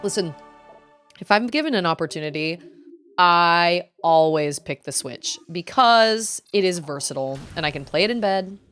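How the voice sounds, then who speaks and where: A woman's voice: on the low side, animated, moderate pace, a bit bright, faint music behind. A woman streaming a video game, chatting casually with her chat and laughing often. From Texas. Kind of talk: casual chat while gaming.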